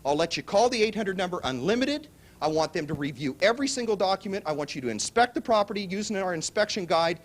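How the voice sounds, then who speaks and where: High, lively-voiced male seminar speaker. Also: quick pace. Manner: animated storytelling, acts out both sides of dialogue. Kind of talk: motivational seminar pitch. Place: seminar hall before a live audience.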